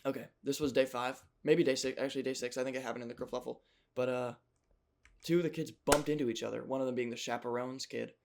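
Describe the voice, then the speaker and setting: A man's voice: medium pitch, flat delivery, fast, vocal fry. A young man casually telling a rambling, jokey childhood story, full of self-mocking asides.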